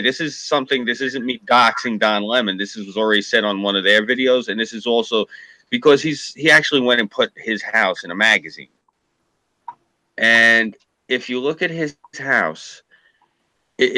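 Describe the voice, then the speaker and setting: A man's voice: medium pitch, bright, forceful tone, dry recording. A man, a former journalist, ranting profanely and mocking people in a casual political chat. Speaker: podcast co-host, former journalist.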